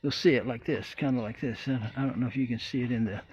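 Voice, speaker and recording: Speaking quickly at a medium pitch with fairly even intonation, this man rambles casually through his boat-building projects in an open-air workshop, dropping plenty of fillers and homespun remarks. Loud roosters and traffic fill the dull, lo-fi recording.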